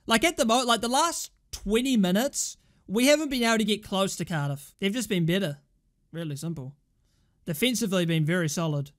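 A man reacting live to a football match for his fan channel, excitable and swearing, shouting at the players. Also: sits high, normal speed, clear, resonant tone.

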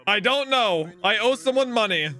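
A man hosting an anime reaction, talking casually to the screen, laughing often and shouting with excitement. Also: high voice, normal speed, soft background music.

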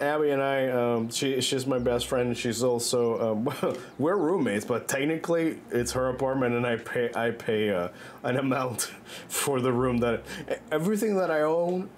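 A man's voice: mid-range voice, a little hiss or hum. A man livestreaming from his bedroom, chatting loosely and rambling, often breaking into laughs. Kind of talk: loose casual chat while gaming. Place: own bedroom.

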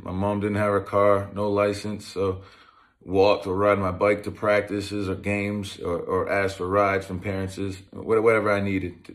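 A man in his thirties, a former pro football player, telling his life story in a conversational way, with many restarts. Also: lowish voice. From Massachusetts, USA. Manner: conversational, with frequent restarts and fillers. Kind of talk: personal storytelling talk.

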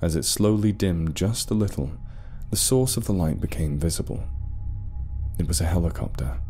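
A deep, mellow male voice tells a dark story. He reads at a measured, dramatic pace. Faint background music plays beneath him. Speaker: narrator. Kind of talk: scripted story narration.

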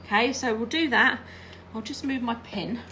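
With a fairly high voice at normal speed, a woman chats her way through a hands-on quilting tutorial as she irons and sews, regularly asking her viewers "all right?" The background is noisy.

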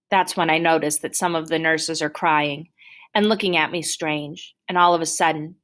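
A woman reading a novel aloud in first person with a steady, plain storytelling manner. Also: deep voice, moderate pace. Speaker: audiobook reader.

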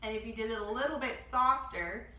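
A woman guiding a children's yoga class, giving gentle step-by-step instructions and demonstrating breath sounds. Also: on the high side, a little fast, echoey room, recorded from a distance, a little hiss or hum, low-quality recording. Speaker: kids yoga teacher.

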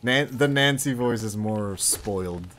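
A man with a lowish, fairly bright voice talks a little slowly while hosting a relaxed game stream, with some hiss or hum in the audio. He chats loosely, talks to himself, and swears occasionally.

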